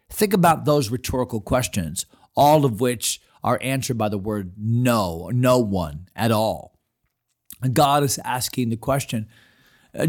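A man's voice: mid-range voice, normal speed. Earnest man teaching the Bible. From United States. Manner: earnest, animated, with frequent fillers.

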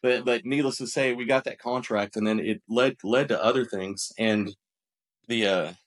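A man's voice: mid-range voice, normal speed. A man guesting on a podcast, telling his business story in a conversational way. He talks animatedly, often acts out what people said, and restarts and repeats words as he goes. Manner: animated, acts out quoted dialogue.

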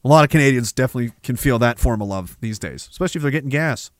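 A man's voice: mid-range voice, lively intonation, racing, dry recording, clean studio sound. A man hosting a political commentary livestream, sarcastic and rambling, reading viewer messages and laughing often. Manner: reads viewer messages aloud. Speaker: livestream host.

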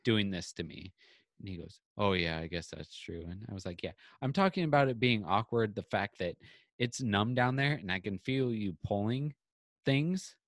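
A man with a fairly low voice chats casually on a podcast and retells a story. He acts out the quoted back-and-forth with lively shifts. The sound is dry and close, with no room echo. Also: moderate pace. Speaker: podcast co-host. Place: home, on a video call.

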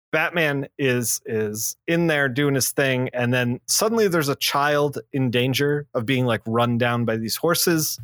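A male podcast co-host with a fairly bright tone chats casually about comic books, giving rambling plot recaps full of fillers and restarts. When characters speak, he drops to a lower voice, all captured on a dry close mic.

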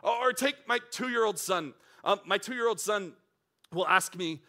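Man in his thirties, preacher, high voice, bright and tense tone, animated delivery. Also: moderate pace. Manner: animated, builds from calm teaching to excited storytelling. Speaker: pastor. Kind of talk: sermon.

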